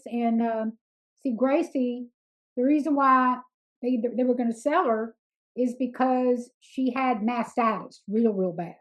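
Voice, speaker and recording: High-voiced woman telling stories. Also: measured pace, poor audio. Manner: chatty, emphatic, folksy storyteller. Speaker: sanctuary founder, interview guest. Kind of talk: casual storytelling interview.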